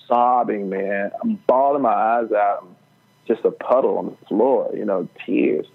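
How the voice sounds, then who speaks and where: A middle-aged man telling a personal faith story as a podcast guest, earnest and halting, with many fillers and restarts. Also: on the low side, creaky, husky. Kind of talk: storytelling testimony. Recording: tinny phone-like line.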